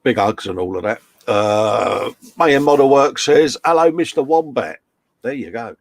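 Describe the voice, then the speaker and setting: A man's voice: on the low side, unhurried, gravelly, no room sound. A man co-hosting a casual live stream, chummy and joking as he reads out chat comments. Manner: chummy banter, reads chat messages aloud.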